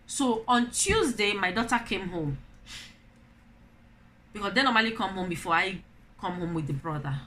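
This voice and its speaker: A woman's voice: mid-range voice, expressive, moderate pace, pauses often, sharp tone, slight background noise. A middle-aged Nigerian woman and mother, talking to camera in an opinion vlog, telling stories animatedly and asking rhetorical questions. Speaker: vlogger, mother.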